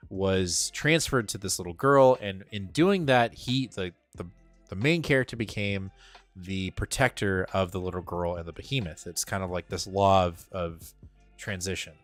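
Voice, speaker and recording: Male co-host, lower register, casual and excitable, loose profanity, faint background music. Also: no room sound. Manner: excitable, swears casually, filler-heavy. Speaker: podcast co-host. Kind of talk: casual comic book review chat.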